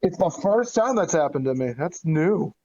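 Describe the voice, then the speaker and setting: A man's voice: fairly high pitch, expressive, moderate pace, warm tone, highs cut off. A man joining a casual podcast from his phone, talking bluntly and swearing freely. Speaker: podcast co-host. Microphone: phone microphone on a call.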